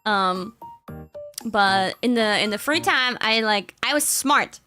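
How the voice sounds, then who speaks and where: Young female streamer, higher voice, giggly casual rambling, faint background music. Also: slow, pushed and bright. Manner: chatty, giggly, rambling with fillers. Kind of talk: casual chat.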